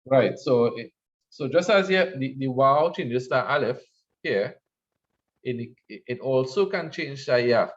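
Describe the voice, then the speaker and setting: Male teacher of middle pitch, patient and repetitive, asking "right?" often, on slightly muffled audio. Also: lively intonation, slow. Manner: patient, repeats points, frequent "right?" checks. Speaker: Arabic grammar teacher. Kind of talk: online class lecture.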